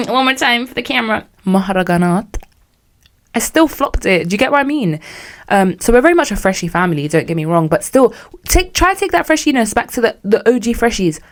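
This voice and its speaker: A young British woman from the United Kingdom hosts a solo podcast, candid and chatty with a sarcastic streak. She speaks British English in a fairly high, very animated voice, a little on the fast side.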